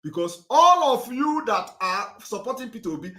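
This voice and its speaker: A man with a Nigerian accent giving an impassioned political address, fiery and repetitive, sometimes rising to a shout. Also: extremely high pitch, big pitch swings, moderate pace, few pauses. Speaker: political activist.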